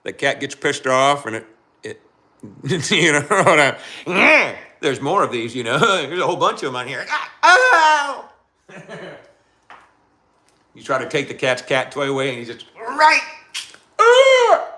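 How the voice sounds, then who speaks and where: A man's voice: medium pitch, lively intonation, normal speed, bright, forceful tone. A man hosting a casual live stream, laughing often and talking straight to his chat. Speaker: livestream host.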